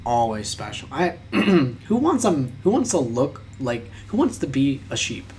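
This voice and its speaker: A man's voice: medium pitch, very animated, measured pace, a little mellow, slight background noise. Young man musing over quiz answers. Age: 20s. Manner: talks through quiz answers aloud, musing and joking; mock-exasperated, with casual swearing. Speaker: vlogger taking online quizzes. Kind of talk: casual commentary.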